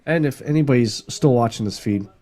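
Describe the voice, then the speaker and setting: Man, mellow warm voice, laid-back, sports co-host, casual live chat. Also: medium pitch, brisk. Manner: laid-back, brief agreeing replies.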